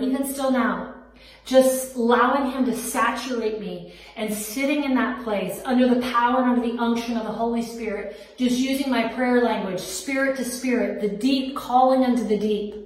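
Earnest woman testifying in an echoey room. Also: fairly high pitch. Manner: earnest, heartfelt, preacherly. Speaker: podcast host. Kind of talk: personal faith testimony. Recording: very echoey room, distant mic.

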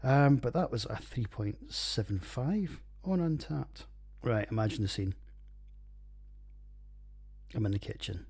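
A man's voice: mid-range voice, expressive, a little slow, creaky, pauses often, a little mellow, slightly rough. A man with a Scottish accent hosting a casual solo podcast, rambling and jokey with plenty of swearing. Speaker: podcast host reviewing beers.

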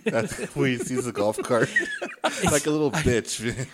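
A man's voice: medium pitch, a little slow, noisy background. A man co-hosting a podcast, tossing in short remarks about a movie. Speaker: podcast co-host. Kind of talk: casual movie-recap chat.

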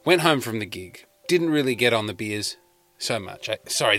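A man with an Australian accent, a comedian hosting his podcast, telling rambling stories with wry, animated asides from inside a parked car. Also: mid-range voice, brisk, soft background music. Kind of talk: casual comic storytelling. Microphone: podcast mic in a car.

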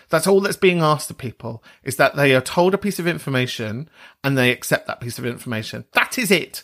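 A British man hosting a podcast, talking in a sweary, animated rant with laughter between points. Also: medium pitch, a little fast. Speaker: podcast host. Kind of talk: casual monologue.

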